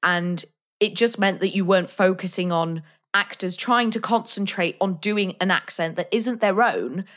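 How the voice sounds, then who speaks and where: A woman's voice: mid-range voice, normal speed, a bit bright. A woman co-hosting a casual film podcast, chatty and frank, with lots of "like" and fillers. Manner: chatty, frank, uses "like" a lot.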